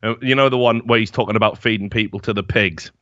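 A man's voice: fairly low pitch, fairly even intonation, fast, a bit bright, dry recording. A man hosting a podcast, telling rambling stories in casual chat, full of fillers and swearing. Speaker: podcast host. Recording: slightly dull, dry mic sound.

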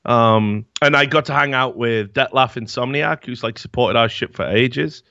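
A man's voice: medium pitch, moderate pace, sharp tone, no room sound. A young man telling rambling, profane stories in a casual chat as podcast host. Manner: rambling, profane storytelling with many fillers. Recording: dull, dry lo-fi mic.

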